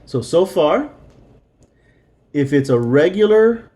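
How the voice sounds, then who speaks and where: A man's voice: a little high, very animated, slow, warm tone. A man teaching a recorded beginner Spanish lesson, explaining patiently step by step and repeating words.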